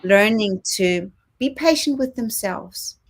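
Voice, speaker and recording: Woman, co-host, earnest talk-show voice, mid pitch. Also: takes it slowly. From Australia. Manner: earnest, with lively quoted asides. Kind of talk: casual spiritual chat.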